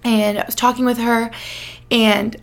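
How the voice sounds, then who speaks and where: A woman's voice: a little high, level tone, a little slow. A young woman from the United States hosting a podcast, telling a long story in a chatty, rambling way full of "like"s. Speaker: podcast host. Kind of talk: casual chat.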